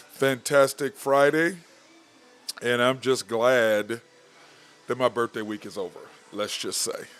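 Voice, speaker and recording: A man's voice: mid-range voice, fairly bright tone. A man hosting a casual sports podcast, loose and rambling, laughing as he tells stories. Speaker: podcast host. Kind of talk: casual sports show chat.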